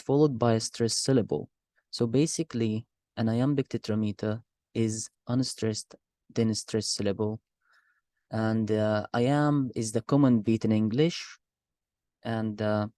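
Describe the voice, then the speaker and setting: Young guy w/ doing a class presentation, slow and kinda hesitant, dry close sound. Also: mid-range voice, mellow, no room sound. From Gaza. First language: Arabic. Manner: hesitant, with repeated words and fillers. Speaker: university student presenting. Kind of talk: class presentation with poem reading.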